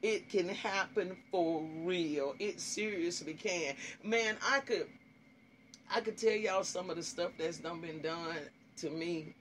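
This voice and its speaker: A man with a fairly high voice preaches to his online listeners in a loose, heartfelt way. He circles back on the same phrases again and again. His talk often turns into fervent spoken prayer. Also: takes it slowly, a bit bright, slight background noise. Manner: earnest, repeats phrases, slips into fervent prayer. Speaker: ministry host.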